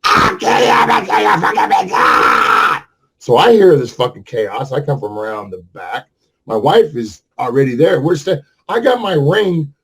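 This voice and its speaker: A man in his sixties with a husky voice tells a long story in a casual rant. He curses freely and rambles through the details. His pitch swings widely as he gets worked up. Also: a little mellow. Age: 60s. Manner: profane, rambling, heated storyteller. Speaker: vlogger.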